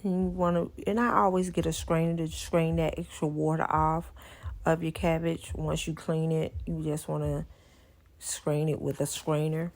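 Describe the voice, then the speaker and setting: Woman, cooking vlog voice-over, low voice, gravelly texture, chatty homey how-to. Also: little pitch movement, normal speed, a little mellow. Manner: chatty, homey instructions with repeated phrases. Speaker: cooking channel host.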